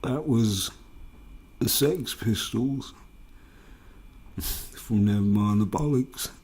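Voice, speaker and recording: A man with a Liverpool accent putting on the drawn-out announcer delivery of a male radio DJ. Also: on the low side, darkish tone, breathy edge, heavily acted. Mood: announcing. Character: smooth-talking male radio DJ, slow and showy. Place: home studio in a block of flats.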